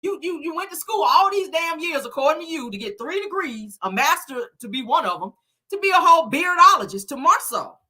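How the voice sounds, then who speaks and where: A woman's voice: sits high, expressive, fairly quick, bright, forceful tone. A woman recapping a reality show in casual commentary, sassy and blunt, cussing freely.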